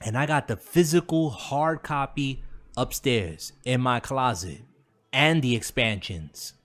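A man's voice: medium pitch, lively intonation, slow, fairly bright tone. A man co-hosting a gaming podcast, chatting casually and repeating words for emphasis. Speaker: podcast co-host. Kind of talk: casual chat.

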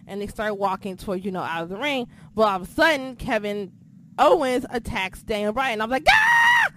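A woman co-hosting a casual chat, excitable and swearing freely, sometimes losing her train of thought. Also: mid-range voice, a little fast, raised voice, a little hiss or hum. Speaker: podcast co-host.

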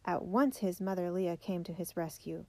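A woman reading a children's biography aloud in a measured, steady way. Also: fairly low pitch, no room sound. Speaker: narrator.

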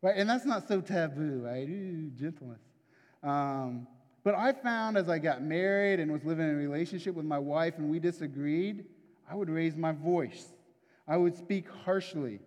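A man's voice: a little high, normal speed, a little mellow. A man preaching a sermon in a conversational, confessional way, often checking in with the listeners. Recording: long hall reverb.

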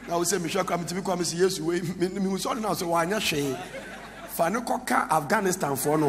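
Pastor preaching in an echoey hall. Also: male voice, sits high, moderate pace, crowd noise, background noise. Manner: preaching loudly, switching into song and local words. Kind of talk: sermon. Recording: echoey hall with faint ambience.

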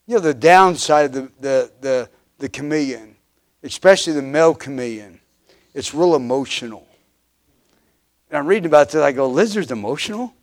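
A pastor in his fifties preaches a sermon at a moderate pace, his voice a little high for a man. He emphatically repeats refrains, his volume swelling and then dropping, and frequently restarts and fills gaps with "uh."

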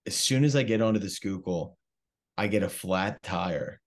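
A man's voice: sits low, moderate pace. A young man from South Jersey telling a rambling, profane story in casual chat. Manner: swearing freely, animated storytelling. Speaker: comedian guest.

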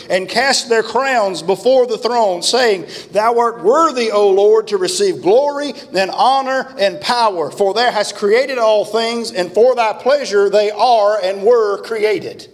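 A man preaching a revival sermon in a church, fervent and emphatic. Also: high voice. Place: church sanctuary. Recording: long church-hall reverb.

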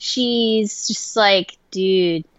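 A woman co-hosting a podcast, telling a story in an excitable, profane way. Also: medium pitch, extremely slow, smooth, dry recording. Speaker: podcast co-host. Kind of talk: casual storytelling chat.

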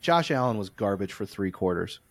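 Animated young man with a dry voice. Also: lowish voice, normal speed, no room sound. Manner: animated, comic storytelling, rants. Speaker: podcast co-host. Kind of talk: casual chat.

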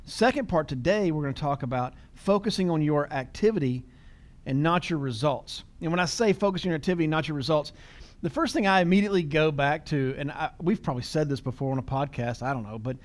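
A man's voice: on the high side, fast. A middle-aged man hosting a podcast, talking casually, telling stories with quoted dialogue and laughing easily. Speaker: podcast host.

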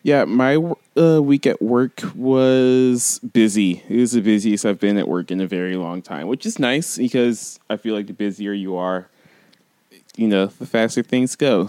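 A man's voice: mid-range voice, a little mellow, clear, resonant tone, no echo. A man co-hosting a podcast, talking in an upbeat, chatty way and laughing often. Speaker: podcast co-host. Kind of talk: casual podcast chat.

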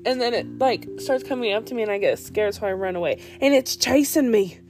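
A woman's voice: medium pitch, lively intonation, fast, hardly any pauses, a little mellow. A woman telling a rambling story to friends in a casual chat on a phone. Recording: music playing behind.

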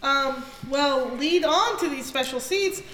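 A woman's voice: high voice, slow pace, sharp tone, soft background music, full character voice. A woman voicing an impulsive young noblewoman itching for a fight, in a noisy, echoey room. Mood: breezy. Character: brash young noblewoman eager to brawl.

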